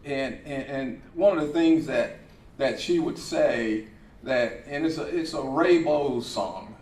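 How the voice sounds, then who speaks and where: A man's voice: medium pitch, slow pace, darkish tone. A middle-aged man, a coach, giving an emphatic motivational speech at an event, repeating his key phrases with a rising, preaching cadence. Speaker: coach and speaker. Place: event hall. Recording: echoey hall, speaker far from mic, faint ambience.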